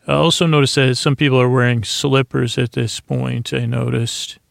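A man's voice: mid-range voice, fairly even intonation, normal speed, creaky, dry recording, studio quality. A man hosting a bedtime podcast, recapping a TV episode in a meandering, hesitant way full of asides and restarts. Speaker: podcast host.

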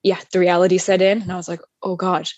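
A woman's voice: on the low side, monotone, rapid-fire, a little mellow, no echo, lo-fi sound. A woman telling her birth story as an interview guest, candid and rambling, with plenty of fillers and laughs. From United States. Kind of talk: casual chat.

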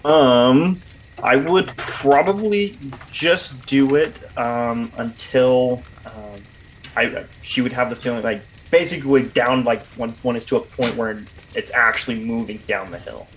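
A man's voice: mid-range voice, measured pace, slight background noise. A man playing a tabletop game, describing his moves hesitantly and searching for words. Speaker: player.

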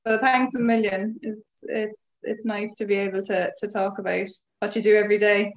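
A woman's voice: mid-range voice, flat delivery, normal speed, highs cut off. An Irish woman, a guest on a podcast, telling a story casually with many fillers and restarts. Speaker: guest equine veterinary nurse.

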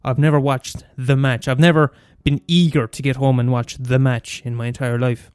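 A man's voice: mid-range voice, flat delivery, normal speed, darkish tone, clean tone, no echo. A man from Limerick with a Limerick Irish accent, ranting in a comedic monologue, profane and exasperated, often restarting and repeating himself. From Limerick, Ireland.

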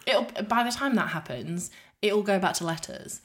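A woman's voice: mid-range voice, expressive, normal speed. A young woman co-hosting a podcast, chatting casually, giggly and teasing. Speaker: podcast co-host. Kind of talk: casual chat.

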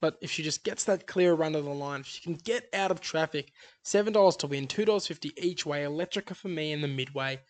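A man's voice: on the high side, quick pace. A man co-hosting a casual racing podcast, rattling off odds and form in an upbeat way. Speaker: podcast co-host tipping horse races. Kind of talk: casual racing tips chat.

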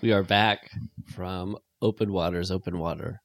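A man co-hosting a podcast, chatting casually about a movie and rambling through his thoughts with halting restarts. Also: deep voice, steady tone, over loud music. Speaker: podcast co-host.

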